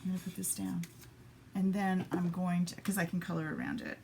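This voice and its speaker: A woman with a lowish, gravelly, darkish voice speaks in a steady tone at a fairly quick pace. She's doing a casual papercraft live stream at her home craft table, chatting to viewers and muttering to herself while she works. Slight background noise is present.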